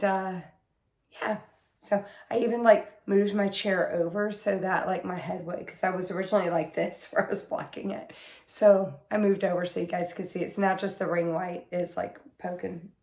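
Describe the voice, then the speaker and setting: A hoarse woman getting over an illness, with a smoky, husky voice, chatting casually as host of her cross-stitch video in her craft room. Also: medium pitch, reverberant. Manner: rambling, chatty, full of fillers. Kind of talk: casual chat to camera.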